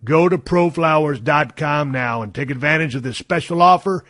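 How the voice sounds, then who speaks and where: A man's voice: fairly high pitch, moderate pace, a bit bright, dry recording, clean studio sound. A man hosting a podcast, reading ads and chatting in a folksy, profane way with loose grammar. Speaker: podcast host. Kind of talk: ad read and casual chat.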